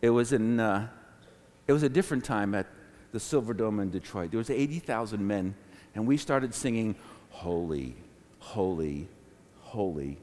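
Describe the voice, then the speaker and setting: A man preaching a sermon, swinging from booming declarations to hushed, near-whispered asides, with laughs between phrases. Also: normal speed. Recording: long hall reverb.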